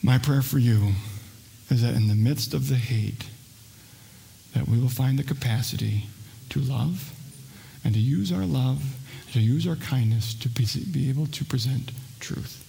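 A male pastor preaching a sermon, earnest, swinging between raised intensity and a hushed, soft delivery. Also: mid-range voice, measured pace, creaky. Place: church sanctuary.

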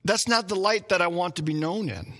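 A male pastor preaching a sermon, opening with a personal hunting story, animated and acting out shouts and his own thoughts as he tells it. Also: sits high, fairly quick, long reverb tail.

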